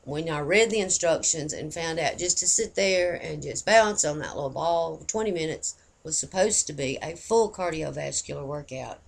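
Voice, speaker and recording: A woman's voice: deep voice, normal speed, vocal fry, hardly any pauses. A woman, chatting casually and folksily to camera in a rambling way. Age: 50s. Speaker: vlogger.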